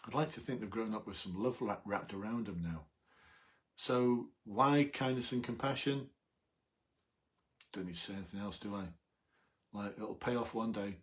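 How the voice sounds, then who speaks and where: A middle-aged man, telling a police story in an animated, emphatic way on a live video. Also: lowish voice. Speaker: police recruitment coach, former officer.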